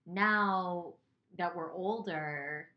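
A woman's voice: lowish voice, drawn-out words, dull audio. Woman musing loosely on a casual podcast. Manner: reflective, rambling with many fillers. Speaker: podcast co-host. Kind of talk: casual chat.

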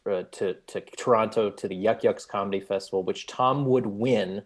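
A man, a guest comedian, telling a story in casual talk, stumbling through fillers and restarts. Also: fairly low pitch. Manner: halting, full of fillers and restarts.

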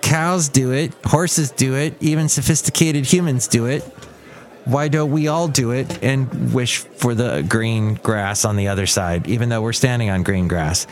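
A man's voice: medium pitch, a little slow. Rambling, jokey male podcast host. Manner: rambling, jokey, self-correcting. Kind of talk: casual solo podcast monologue.

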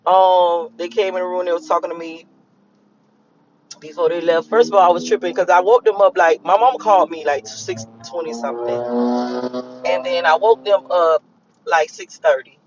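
A man's voice: sits high, moderate pace, highs cut off, noisy background. A young man in a car, rambling and cursing as he reflects on his morning. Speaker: vlogger. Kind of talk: casual morning monologue while driving.

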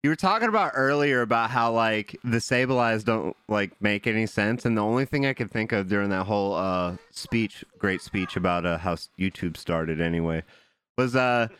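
A man's voice: fairly low pitch, moderate pace, a bit bright, smooth, dry recording. A man co-hosting a casual podcast, talking in slang, joking and laughing a lot. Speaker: podcast co-host.

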